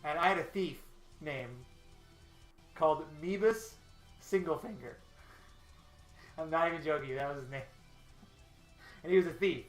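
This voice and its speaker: A man's voice: a little high, normal speed, long pauses. A man casually chatting on a live stream while working, rambling and laughing often. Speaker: artist hosting a storyboarding stream. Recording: echoey room with faint music.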